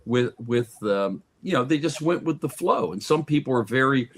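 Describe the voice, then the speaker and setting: A man's voice: mid-range voice, lively intonation, normal speed, fairly bright tone. A man who is a guest on a sports talk radio show, telling stories in a casual chat and often restarting and repeating words.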